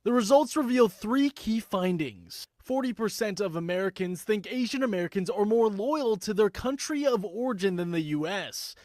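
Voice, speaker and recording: A man with a high voice reads a news report in a measured, even way. The sound is close and dry. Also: no echo. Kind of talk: scripted news narration.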